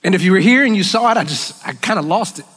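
A man leading worship, giving an earnest, emotional sermon in a church, with halting restarts. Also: high voice, expressive, fairly bright tone, slightly rough. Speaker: worship leader. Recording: long church hall reverb.

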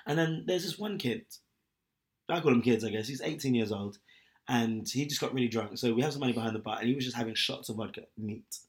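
A man in casual podcast chat, spinning out a story at an ordinary middle pitch. He rambles, piles on filler words and restarts sentences as he goes. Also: fast.

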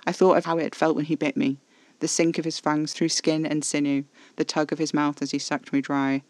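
A man narrating first-person horror fiction in a quiet, intimate, measured way. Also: a little high, little pitch movement, no echo.

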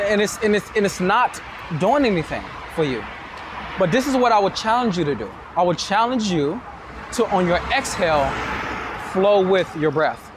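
High-voiced man coaching on a street. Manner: energetic, direct, casual, with swearing. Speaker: dating coach and show host. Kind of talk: advice monologue to camera. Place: outdoors on a city street at night. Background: street noise, passing vehicles, distant shouting.

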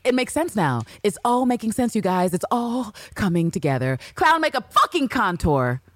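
A young woman co-hosting a podcast, recapping a show with loud, profane, animated chat and acting out scenes in voices. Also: medium pitch, normal speed, no room sound, clean studio sound. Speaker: podcast co-host. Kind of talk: excited casual recap chat.

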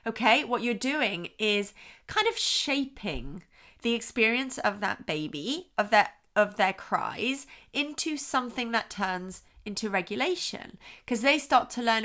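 A woman's voice: a little high, measured pace. A woman hosting a parenting podcast, explaining advice and acting out short voice examples. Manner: expressive, acts out soothing and frustrated voices as examples.

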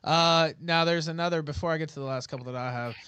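A man's voice: fairly high pitch, steady tone, fast talker, pushed and bright, clear, resonant tone, no room sound. A man hosting a casual interview show, reading viewer messages aloud in a laid-back way. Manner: laid-back, laughs along with the guest. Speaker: show host.

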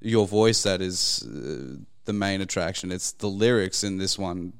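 A man's voice: deep voice, unhurried, clean tone. A man, hosting a podcast, rambling casually with plenty of fillers and swearing. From Australia. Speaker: podcast host. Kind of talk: casual chat.

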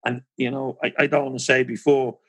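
A man, hosting an interview and asking halting questions with repeated words. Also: mid-range voice, little pitch movement, a bit bright, husky. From Northern Ireland. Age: 50s. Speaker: podcast host.

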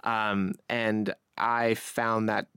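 Relaxed low-voiced man with faint Long Island accent. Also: extremely slow, clean tone, no room sound, studio quality. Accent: light Long Island. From New York, Long Island. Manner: relaxed, chatty, many restarts. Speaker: podcast host, guest. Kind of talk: conversational interview.

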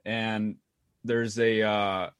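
A young man telling a long, rambling story in a relaxed casual chat. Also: on the low side, extremely slow, clean tone, no room sound, lo-fi sound. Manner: rambling, laid-back storyteller.

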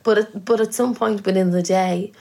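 An Irish woman speaks as a guest musician in a relaxed interview. Her voice carries a gravelly fry at mid pitch, and she talks from the heart with frequent restarts. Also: moderate pace. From Ireland. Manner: earnest, heartfelt, thinking aloud with restarts. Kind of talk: casual conversational interview.

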